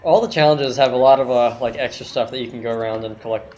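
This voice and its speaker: A man's voice: mid-range voice, quick pace, a little mellow, lo-fi sound, a little hiss or hum. A man streaming a video game, chatting casually and commenting on his play. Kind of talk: casual chat while gaming.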